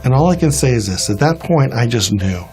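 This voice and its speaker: A man's voice: mid-range voice, lively intonation, a little fast, darkish tone, soft background music. A man telling his personal faith testimony in an earnest storytelling way, acting out the dialogue he quotes. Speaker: testimony speaker.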